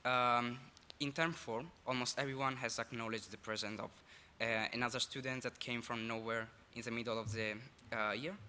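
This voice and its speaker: A man's voice: medium pitch, fairly even intonation, sharp tone, slight background noise. Nervous Italian-accented young man in a hall. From Italy. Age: teens. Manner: nervous, halting, apologetic with laughs. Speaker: exchange student speaker. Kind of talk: school assembly speech. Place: school assembly hall. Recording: reverberant hall, faint ambience.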